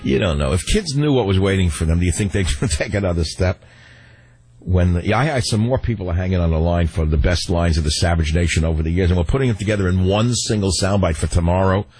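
A man's voice: deep voice, expressive, fast talker, darkish tone, husky, no echo. An older man hosting a call-in radio talk show, blunt and sardonic, laughing often.

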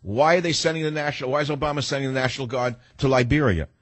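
Husky sarcastic talk radio host, man. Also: medium pitch, steady tone, no echo. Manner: sarcastic, rhetorical questions, rapid-fire. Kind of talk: combative talk radio monologue.

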